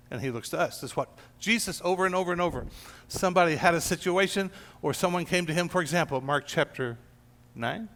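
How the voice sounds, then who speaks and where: The man's voice is on the high side with a fairly bright tone, and a long hall reverb surrounds it. Leading an informal church gathering as pastor, he tells a Bible story to the small group in a church room and acts out the quoted lines.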